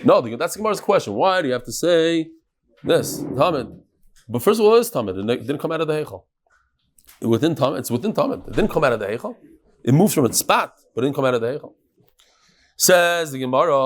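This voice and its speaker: A man teaching a lively Talmud class and talking straight to his students. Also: mid-range voice, brisk. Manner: animated, talks to the students. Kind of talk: lively Daf Yomi class.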